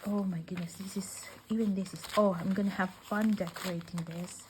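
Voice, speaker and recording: A woman, chatting tearfully and gushing as she unwraps gifts, often sinking into a soft whisper. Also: medium pitch, fairly even intonation, brisk, slight background noise. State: teary. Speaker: craft vlogger. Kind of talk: casual unboxing chat.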